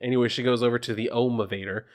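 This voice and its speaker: A man's voice: medium pitch, fairly even intonation, rapid-fire. A man casually talking through a comic book page by page, rambling with lots of fillers and blunt personal asides. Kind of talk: casual comic review vlog.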